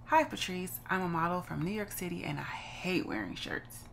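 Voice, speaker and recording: A woman's voice: lowish voice, moderate pace, creaky, slight background noise. A woman reading a flirty male model. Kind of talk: reading game dialogue aloud.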